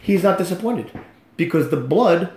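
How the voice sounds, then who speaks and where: A man in his fifties telling his faith story in an animated, preacher-like way during a conversation. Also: high voice, normal speed, gravelly, roomy sound. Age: 50s. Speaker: guest.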